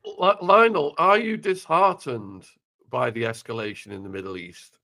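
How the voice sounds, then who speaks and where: A man, hosting and questioning his guest in a measured way, summing up the points raised. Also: mid-range voice, gravelly, bright, forceful tone. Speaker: host. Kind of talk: interview questioning.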